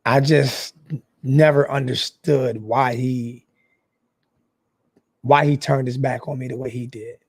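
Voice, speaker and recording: A young man in an emotional, apologetic vlog monologue who talks haltingly, with many restarts and repeated phrases. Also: mid-range voice, fairly even intonation, slightly rough, no room sound. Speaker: sports fan YouTuber.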